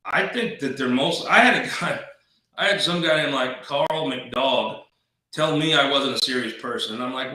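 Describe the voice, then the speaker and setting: A man's voice: mid-range voice, normal speed, bright, forceful tone, very echoey, distant mic, low-quality recording. A man hosting a political talk show, rambling in a folksy, wisecracking way. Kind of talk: casual political commentary.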